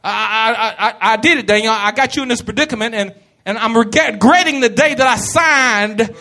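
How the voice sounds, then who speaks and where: A man's voice: very high voice, moderate pace, pushed and bright, heavily acted. A male preacher voicing a worried ancient king who stammers and pleads. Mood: regretful.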